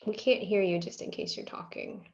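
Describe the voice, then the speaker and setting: A woman's voice: mid-range voice, moderate pace, vocal fry, a little mellow, dull audio. A woman on a video call moderating the session and calling on the next question in an upbeat, organizing way.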